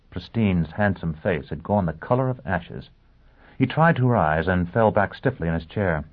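A man narrating an audiobook with an even, steady reading. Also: low-pitched, moderate pace. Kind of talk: scripted narration. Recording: tinny phone-like audio.

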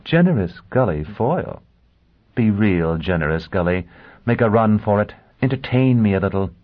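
A man voicing a bitter, proud young woman in an audiobook, speaking in a low, cutting, scornful way. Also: lively intonation, moderate pace. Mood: mocking. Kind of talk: audiobook character voice. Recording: tinny phone-like sound.

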